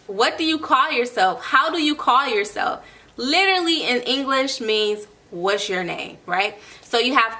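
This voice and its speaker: A young woman tutoring Spanish in a casual online lesson, encouraging and slowly repeating phrases for learners. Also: on the high side, expressive, bright, forceful tone.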